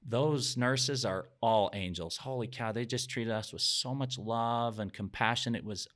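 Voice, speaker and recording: A man's voice: mid-range voice, unhurried, fairly bright tone. A middle-aged man, a podcast guest, telling a personal story in an earnest, reflective way. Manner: earnest, reflective, sometimes emotional.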